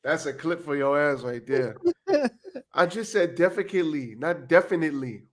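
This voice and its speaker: A man's voice: fairly high pitch, moderate pace. A tired man co-hosting a casual podcast livestream, rambling, joking at himself and swearing often. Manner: rambling, self-mocking, swears a lot. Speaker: podcast co-host.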